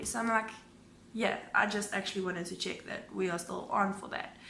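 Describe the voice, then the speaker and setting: A woman vlogger telling a storytime in a lively way, acting out both sides of phone calls. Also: mid-range voice, a little fast, vocal fry, echoey room. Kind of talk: storytime vlog.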